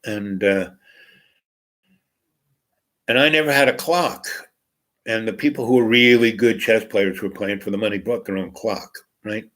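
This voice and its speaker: A man's voice: fairly low pitch, moderate pace, long pauses, a bit bright, low-quality recording. A man casually telling a long personal anecdote, rambling with many fillers and restarts. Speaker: host.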